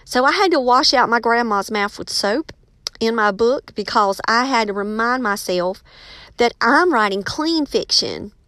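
A woman's voice: fairly high pitch, lively intonation, unhurried, a bit bright, no echo, clean studio sound. A woman, a teacher and author giving casual, emphatic advice and calling her listeners y'all.

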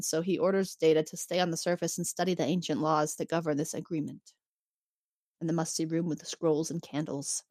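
Dry, animated woman recapping casually. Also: lowish voice, a little fast, no room sound. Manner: animated storytelling, acts out characters' lines. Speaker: podcast co-host recapping an episode.

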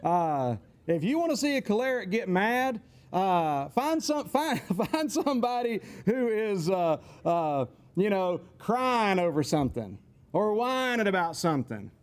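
A man's voice: sits high, big pitch swings, unhurried. A man giving a casual, folksy teaching talk, rambling with chuckling asides. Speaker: teacher on temperaments.

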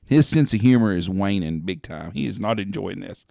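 Gravelly low-voiced man telling stories. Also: expressive, moderate pace, dark tone, dry recording, clean studio sound. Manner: rambling, profane storyteller who acts out quotes. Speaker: podcast co-host, hunting guide. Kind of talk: casual storytelling chat.

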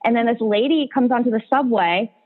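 A woman's voice: a little high, brisk. A young woman hosting a podcast, telling stories in casual chat and leaning heavily on "like". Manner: chatty storyteller, heavy "like" filler. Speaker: podcast host. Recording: tinny phone-like line.

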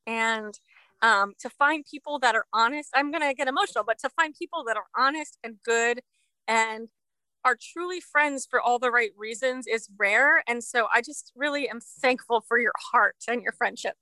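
A woman's voice: on the high side, moderate pace, bright, forceful tone, no echo, low-quality recording. A woman musician as a podcast guest, talking earnestly and rambling a little, with frequent laughs. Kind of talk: casual interview chat.

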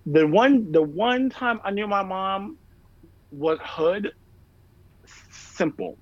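A man's voice: sits high, expressive, slow pace, no room sound. A man in casual chat, telling stories in a rambling way, heavy on fillers and swearing. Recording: dull lo-fi sound, dry room.

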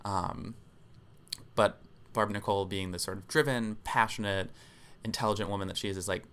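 A man's voice: lowish voice, steady tone, moderate pace, a bit bright, smooth. A man co-hosting a podcast, explaining at length in casual chat with frequent ums. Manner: explanatory, many filler ums. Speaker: podcast co-host.

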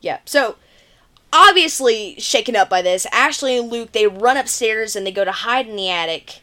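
A woman's voice: fairly high pitch, animated, normal speed, bright, forceful tone. A woman co-hosting a podcast, casually recapping a film's plot in a chatty way with lots of filler words. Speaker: podcast co-host.

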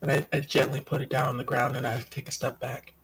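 A man playing a hesitant adventurer who tries to calm a stranger. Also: medium pitch, fast, vocal fry, background noise, close to an everyday voice. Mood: placating. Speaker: player.

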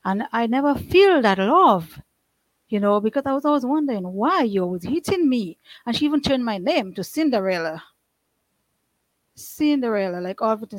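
A woman's voice: fairly high pitch, animated, normal speed, no echo, rough recording. A middle-aged woman telling her life story in an earnest, rambling way, with many restarts and loose grammar. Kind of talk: emotional personal testimony.

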